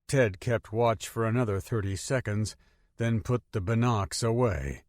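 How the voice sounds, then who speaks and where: A man narrating a thriller audiobook in an even, measured way. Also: lowish voice, no echo, studio quality. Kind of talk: scripted narration.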